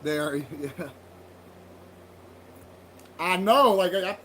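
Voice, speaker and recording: A man's voice: high voice, lively intonation, brisk, few pauses, slight background noise, poor audio. A man hosting a livestream, chatting loosely with viewers, swearing freely and laughing at their comments. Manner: loose, profane, laughing banter. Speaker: livestream host. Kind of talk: casual livestream chat with viewers.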